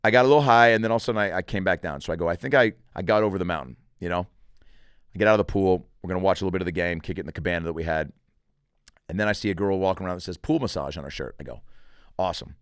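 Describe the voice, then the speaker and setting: A middle-aged comedian with a low voice, recorded close and dry with no room sound. He tells a story casually and profanely, animating the people he quotes. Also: rapid-fire, clear, resonant tone, dry recording. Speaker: comedian podcast host.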